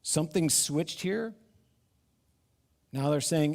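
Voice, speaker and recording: A middle-aged man preaches a sermon with animation, slipping into the voices of doubting townspeople. His voice sits a little high for a man. The sound carries the long reverb of a church hall. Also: a little slow. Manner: animated, acts out crowd voices, laughs between points. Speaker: pastor. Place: church sanctuary.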